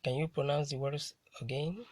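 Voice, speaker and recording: A man teaching English word stress, saying each word slowly and repeating it for the learner to copy. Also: a little high, darkish tone, no echo. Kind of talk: slow drilled pronunciation lesson.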